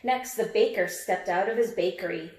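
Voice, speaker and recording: A woman's voice: medium pitch, normal speed, a little mellow, reverberant, a little hiss or hum. A woman teacher reading a picture book aloud and repeating words emphatically as she quizzes her listeners on word endings. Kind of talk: read-aloud phonics lesson.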